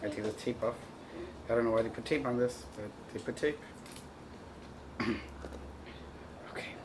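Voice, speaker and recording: In a casual home video shot indoors, a father in his thirties patiently explains things step by step to a small child and encourages them. His voice is mid-range at a moderate pace, and the recording has loud background noise.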